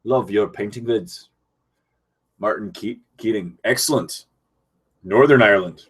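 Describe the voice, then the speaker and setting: A young man from Canada with a lowish voice hosts a casual live stream from his home computer. He reads viewer messages aloud and answers them in an easygoing chat. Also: a little slow, breathy edge.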